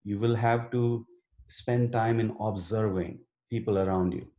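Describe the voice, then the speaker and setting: A man's voice: fairly low pitch, fairly even intonation, measured pace, mellow, reverberant. A man teaching a live online writing workshop and answering student questions earnestly, with many fillers and restarts. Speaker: writing instructor. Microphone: video call.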